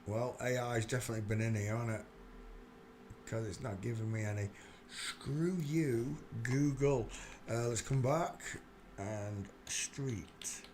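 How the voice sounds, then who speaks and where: Guy on a live stream, mumbling to himself while he clicks around, average pitch, bit of background hiss. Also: slow, darkish tone. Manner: mutters to himself while clicking through searches. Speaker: livestream host. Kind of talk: casual live-stream commentary.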